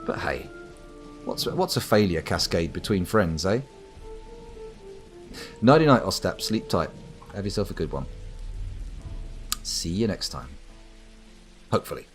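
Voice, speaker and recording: A man with a lowish voice that swings widely up and down delivers dry, rambling commentary as he plays a game live. He keeps up an easygoing patter with viewers, full of wry asides, over faint music playing underneath. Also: sing-song, a little slow, long pauses. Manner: wry, rambling, talks to chat. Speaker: streamer. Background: faint background music.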